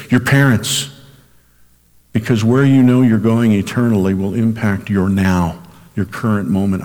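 A man's voice: fairly low pitch, darkish tone. A man who is a senior minister, preaching a sermon and rising sharply in emphasis on key phrases. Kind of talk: recorded sermon for radio. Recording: long hall reverb.

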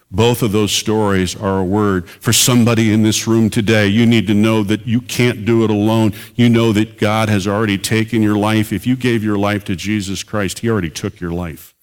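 A low-voiced man preaching from the pulpit. He speaks earnestly, and his delivery rises to emphatic peaks as he drives a point home. It is the steady voice of a pastor who also preaches on the radio. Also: moderate pace, hardly any pauses, clean tone. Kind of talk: sermon.

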